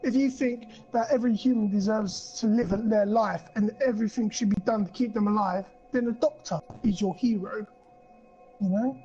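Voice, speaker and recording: A man's voice: high-pitched, normal speed, warm tone, dull audio, faint music behind. A man co-hosting a podcast, ranting in casual chat, swearing a lot and rambling with plenty of fillers. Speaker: podcast co-host.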